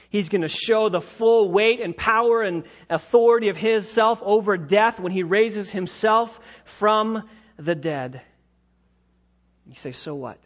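A man preaching a sermon, dramatic, with swings from loud emphatic lines to hushed ones. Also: high voice, lo-fi sound. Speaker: pastor.

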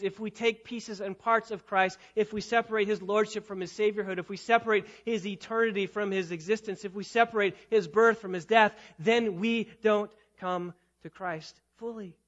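Emphatic high-voiced preacher man. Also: dull audio. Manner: emphatic preaching, repeats phrases, rises to loud climaxes. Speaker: pastor. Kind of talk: sermon.

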